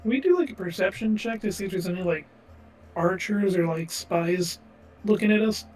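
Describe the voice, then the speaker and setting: High-pitched eager male player. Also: normal speed, darkish tone. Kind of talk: tabletop game play. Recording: sounds distant from the mic.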